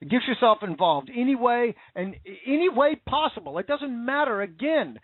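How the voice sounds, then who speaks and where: A man's voice: very high-pitched, sing-song, moderate pace, no room sound. A man hosting an internet talk show, speaking in an impassioned, repetitive and indignant way. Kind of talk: casual political commentary. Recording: tinny phone-like line.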